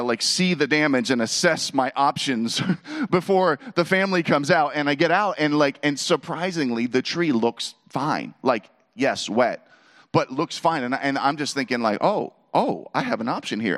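A middle-aged man telling a humorous personal story to an audience, acting out the voices and laughing as he goes. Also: mid-range voice. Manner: animated, acts out quoted voices, laughs between lines.

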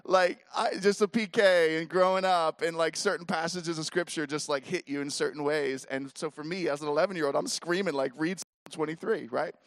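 High bright-voiced animated male storyteller. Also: fairly quick, hardly any pauses, no echo. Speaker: speaker at a youth leader event. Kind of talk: storytelling talk to a live audience.

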